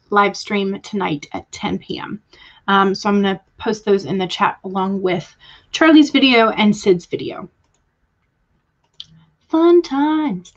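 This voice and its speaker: A woman's voice: medium pitch, highs cut off. A young woman from Georgia with a Southern accent, chatting casually with viewers on a livestream, greeting them by name and laughing often. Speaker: livestream host.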